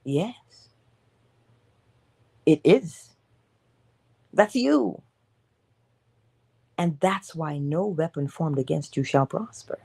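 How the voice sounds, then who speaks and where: A woman's voice: low voice, lively intonation, drawn-out words, vocal fry, pauses often, a little mellow, husky. A woman giving an inspirational morning talk in an emphatic, preacher-like way, sometimes dropping to a whisper. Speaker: motivational speaker.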